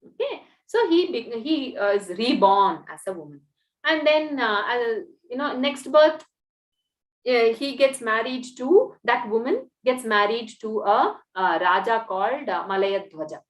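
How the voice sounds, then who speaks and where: A woman narrates a scripture tale to listeners in an animated, sing-song way, checking in with "okay" as she goes. Her voice is somewhat high and swings widely. The room adds noticeable echo. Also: unhurried. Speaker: storyteller. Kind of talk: story narration to an audience. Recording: roomy echo.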